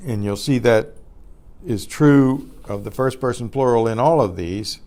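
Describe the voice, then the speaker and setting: A man teaching a Spanish grammar class, explaining patiently and clearing his throat often. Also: medium pitch, a little slow, warm tone. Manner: recites word lists carefully.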